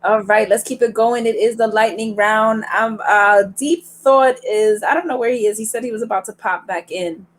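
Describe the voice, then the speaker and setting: A woman with a slightly high voice hosts an online open mic, introducing poets in loose, chatty talk sprinkled with fillers. She comes through a video call. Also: normal speed, hardly any pauses. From New York. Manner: chatty, upbeat, hesitant fillers. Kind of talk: casual hosting chat.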